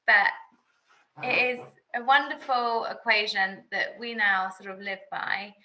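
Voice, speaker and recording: A young woman co-hosting a webinar, talking in a warm, slightly hesitant way. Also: mid-range voice, unhurried, rough recording. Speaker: webinar co-host. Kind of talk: casual webinar talk.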